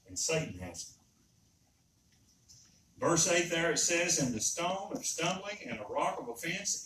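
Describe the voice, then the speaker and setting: Earnest preacher in an echoing church. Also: male voice, on the high side, a bit bright, slight background noise. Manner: earnest, emphatic, repeats himself. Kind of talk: sermon. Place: church sanctuary. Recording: roomy echo, speaker far from mic.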